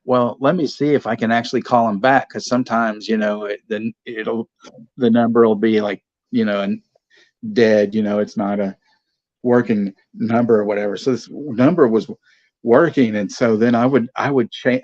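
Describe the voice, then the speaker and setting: A man's voice: on the low side, dry recording. A man telling stories in casual, profane stream chat, laughing at his own tales. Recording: dull lo-fi sound.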